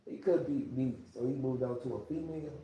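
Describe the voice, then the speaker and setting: A man's voice: medium pitch, brisk, dull audio. A man ranting on a casual livestream. He rambles, swears a lot and repeats himself, speaking into a phone. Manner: rambling, profane, repetitive. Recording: echoey room.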